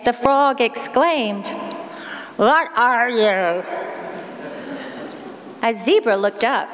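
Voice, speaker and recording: A woman preacher telling a parable in a measured storytelling sermon, in a church. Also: fairly high pitch, long reverb tail.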